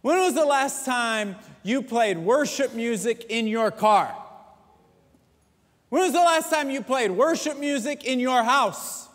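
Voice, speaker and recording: A man's voice: extremely high pitch, lively intonation, takes it slowly, voice pushed up, exaggerated voice. A man voicing a stern, exasperated father who fires blunt questions at his grown son, in an echoey hall. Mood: stern scolding.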